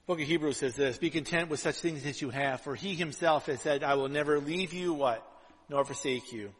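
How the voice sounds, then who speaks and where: A man's voice: fairly high pitch, brisk, husky. Man preaching in a reverberant hall. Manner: conversational preaching full of "right?" asides; swings between loud and hushed delivery. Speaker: pastor. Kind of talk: sermon.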